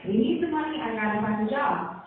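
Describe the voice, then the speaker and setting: A woman's voice: a little high, fairly quick, a crowd in the background. A young woman performing a live stand-up set, telling a chatty story and acting out the people in it. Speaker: stand-up comedian. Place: live comedy venue. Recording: echoey, tinny, from far off.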